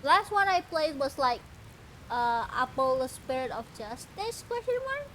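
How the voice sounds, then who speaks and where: A woman streamer rambles casually about a game in a chatty, giggly way. Her voice sits very high, with a faint hiss behind it. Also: lively intonation, a little slow, a bit bright.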